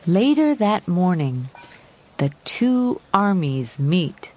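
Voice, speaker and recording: A woman narrating a graded-reader story in a measured, clearly articulated way. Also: lowish voice, sing-song, mellow. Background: background music.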